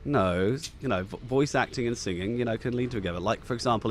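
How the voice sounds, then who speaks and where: A man's voice: on the low side, fast talker, slight background noise. A young man from England co-hosting a casual livestream chat, stammering and repeating words as he talks. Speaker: podcast co-host.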